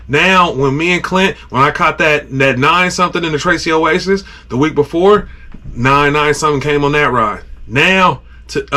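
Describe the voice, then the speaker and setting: A man hosting a podcast, telling a story in a casual, animated way, with sound effects and lots of "like". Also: on the high side.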